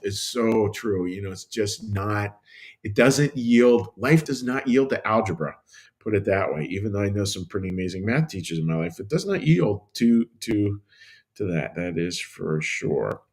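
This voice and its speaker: A middle-aged man with a somewhat low voice leads a meditative livestream devotional as pastor. He speaks gently and unhurriedly, wandering through his thoughts and restarting sentences as he reads out viewer comments.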